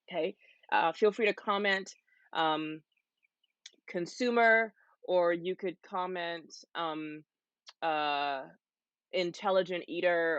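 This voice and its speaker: A woman's voice: lowish voice, no room sound. Woman, health talk host, chatty, questions for viewers, dull lo-fi audio, dry sound. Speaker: host of a health seminar series. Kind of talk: live-streamed health talk.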